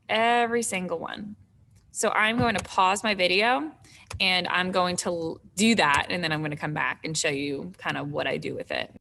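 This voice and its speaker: A woman's voice: on the low side, a little slow, gravelly, bright, forceful tone, slight background noise. A woman teaching acting in an instructional video, encouraging and often checking in with the viewer.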